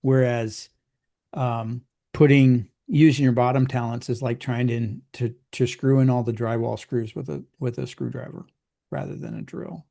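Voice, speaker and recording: A man's voice: mid-range voice, steady tone, vocal fry, warm tone. A middle-aged man coaching in casual conversation, chatty and explaining with homely examples. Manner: chatty, acts out clients in quick put-on voices.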